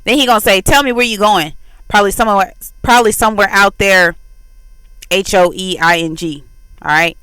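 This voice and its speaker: A woman's voice: medium pitch, brisk, fairly bright tone, clear, resonant tone, no room sound, low-quality recording. A woman hosting a faith channel, casually breaking down a song's lyrics. She talks loosely, with many fillers, and animatedly acts out the quoted lines. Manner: loose, repetitive "like" filled delivery.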